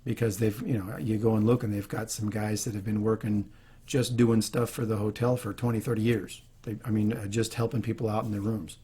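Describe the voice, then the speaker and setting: A man's voice: on the low side, flat delivery, brisk, mellow, husky. A man hosting a leadership video, talking earnestly and unscripted, with frequent restarts. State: choked up. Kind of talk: unscripted talk to camera.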